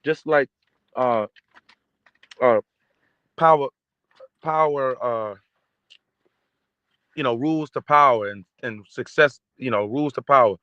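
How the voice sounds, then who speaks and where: A man's voice: medium pitch, slow pace, pauses often, smooth, no echo, muffled recording. A man in a casual livestream rant, reading viewer comments and hammering each point with repeated "okay?" and "right?". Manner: emphatic, repetitive, keeps asking "okay?".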